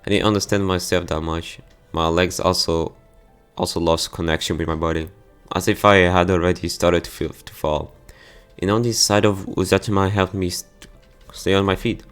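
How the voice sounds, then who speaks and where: A man's voice: low voice, fairly even intonation, moderate pace, a bit bright, clean tone, soft background music. A man reading a visual novel aloud for his gameplay channel, stumbling over words now and then. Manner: plain reading with stumbles and sudden outbursts.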